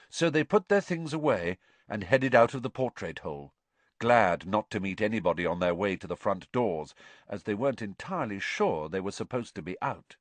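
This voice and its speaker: Low-voiced man narrating a storybook. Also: animated, normal speed, dry recording. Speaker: audiobook narrator.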